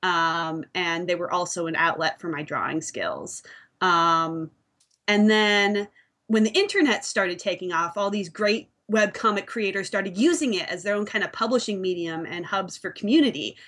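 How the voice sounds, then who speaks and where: A woman's voice: on the low side, moderate pace, fairly bright tone. A woman webcomic creator talking earnestly on a panel, reflective and full of ums. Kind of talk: casual panel chat.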